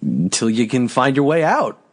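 A man's voice: sing-song, normal speed, husky. A man hosting a casual comedy podcast, posing silly would-you-rather questions in a playful way. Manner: playful, jumps high in pitch for jokes. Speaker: host asking the questions.

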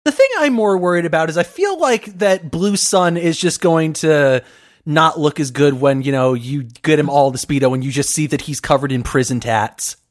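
A man co-hosting a comedy podcast, dropping deadpan, crude quips in casual chat. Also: fairly high pitch, normal speed. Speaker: podcast co-host.

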